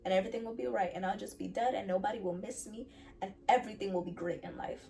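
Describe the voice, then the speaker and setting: Young woman, earnest personal testimony, mid pitch, mic set back a bit. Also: fast talker, vocal fry, mellow, recorded from a distance. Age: young adult. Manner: earnest, repeats phrases for emphasis. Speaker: vlogger sharing her faith testimony.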